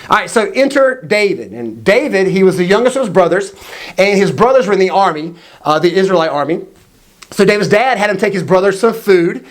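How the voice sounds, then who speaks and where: A man telling a Bible story to young people in a casual, energetic way, acting out the quotes. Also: high-pitched. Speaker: youth faith video teacher.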